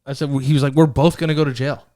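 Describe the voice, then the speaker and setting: A man's voice: on the high side, flat delivery, racing, mellow, no echo, studio quality. A man co-hosting a podcast, chatting casually, reacting and swearing. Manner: laid-back, profane, chiming in and reacting. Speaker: podcast co-host. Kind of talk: casual chat.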